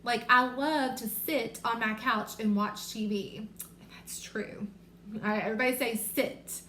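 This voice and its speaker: A woman teaching a remote reading lesson to young children, sounding out letters and words slowly and clearly. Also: on the high side, steady tone, bright, forceful tone. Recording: echoey room with faint noise.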